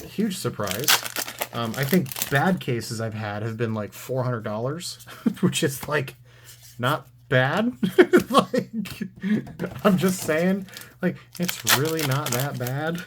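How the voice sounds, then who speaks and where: A man's voice: medium pitch, expressive, slow, heavy background noise. A man giving casual, sarcastic commentary while opening trading card packs on his channel. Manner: dry, sarcastic.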